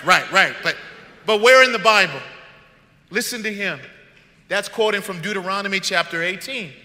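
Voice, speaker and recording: A man with a high, very bright and forceful voice preaches a sermon, talking with his congregation and throwing questions at them. The sound carries a long reverb from the church hall he speaks in. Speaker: pastor. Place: church sanctuary.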